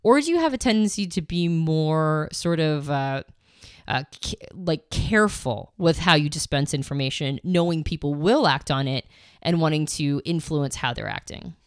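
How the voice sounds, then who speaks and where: A woman's voice: deep voice, expressive, normal speed, smooth, no room sound, clean studio sound. Woman explaining things on a podcast. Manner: explanatory, with fillers and restarts. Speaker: podcast co-host.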